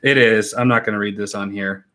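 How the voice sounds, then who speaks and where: A young man hosting a casual livestream from home, opening fan mail and warmly thanking viewers one by one. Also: fairly low pitch, fairly even intonation, fairly quick. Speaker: YouTube reaction channel host.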